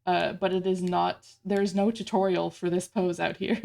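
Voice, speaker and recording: A woman chatting casually on a live stream, her voice carrying a gravelly, creaky edge. She talks in a loose, rambling way, stops and restarts her sentences, and laughs at herself. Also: lowish voice, steady tone, unhurried, dark tone. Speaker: streamer building her avatar model.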